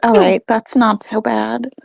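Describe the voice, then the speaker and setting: A woman at a game table speaks earnestly, stopping and restarting as she goes. Her voice sits a little high and sounds close and dry. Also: steady tone, a little slow, creaky, no room sound. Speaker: player. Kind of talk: casual chat at a game table.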